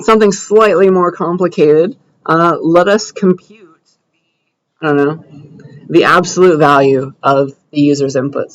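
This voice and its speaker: A man's voice: a little high, lo-fi sound. A young man giving a computer science lecture with a live coding demo, talking casually and often checking in with "right?" and "okay?". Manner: conversational, checks understanding with frequent "right?" and "okay?".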